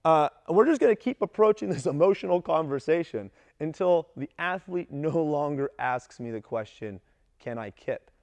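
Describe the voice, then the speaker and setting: A man coaching gymnastics coaches in a casual talk, lively and acting out what his athletes say. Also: a little high, normal speed, dry recording. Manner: animated, acts out athletes' voices in quotes.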